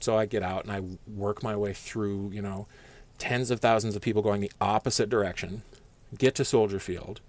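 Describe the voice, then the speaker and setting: A man telling a personal story in a casual, rambling way, calm and profane. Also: lowish voice, normal speed.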